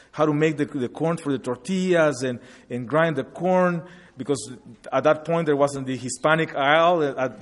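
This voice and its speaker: Man telling his story in a hall. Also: a little high. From Guatemala. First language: Spanish. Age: 40s. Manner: reflective, earnest storytelling. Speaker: speaker sharing his migration story. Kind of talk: personal testimony with slides. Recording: long hall reverb.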